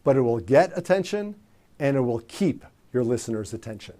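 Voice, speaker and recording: A man teaching communication skills in a measured, emphatic coaching manner. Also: medium pitch, animated, dark tone. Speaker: communication trainer. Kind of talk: instructional presentation.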